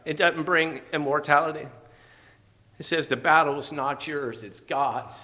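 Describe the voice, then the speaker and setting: A man preaching a fervent, emotional sermon, at times teary and laughing softly. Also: on the high side, a little slow.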